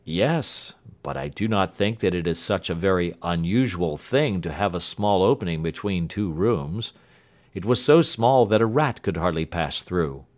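A man's voice: sits low, animated, a little slow. A man reading an audiobook who voices an earnest, loyal Victorian male doctor asking plain questions. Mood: questioning.

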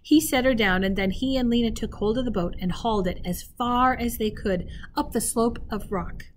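A woman teacher reading a children's novel aloud expressively, pausing to speak directly to her listeners. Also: fairly high pitch, slight background noise. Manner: expressive, pauses to talk to listeners.

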